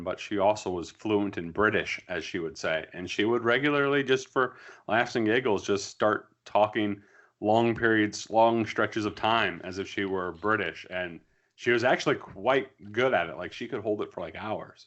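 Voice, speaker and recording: A man co-hosting a podcast, telling anecdotes in a relaxed, easygoing way. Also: lowish voice, normal speed. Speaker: podcast co-host. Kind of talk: casual storytelling chat. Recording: dull, lo-fi microphone.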